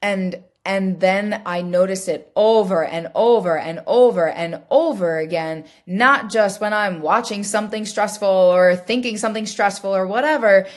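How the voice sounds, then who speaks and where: A woman's voice: mid-range voice, normal speed, few pauses. Candid woman telling a personal story. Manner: reflective, candid, many "like" fillers and restarts. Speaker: podcast host. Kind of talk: solo podcast storytelling.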